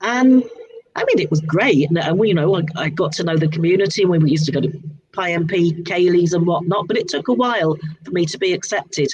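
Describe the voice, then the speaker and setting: A woman in her sixties with a southern English accent, chatting as a guest author in a relaxed interview, rambling and restarting her sentences often. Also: fairly low pitch, brisk, slightly rough, dull audio. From southern England. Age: 60s. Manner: rambling, frequent restarts and repeated words. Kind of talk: casual interview chat.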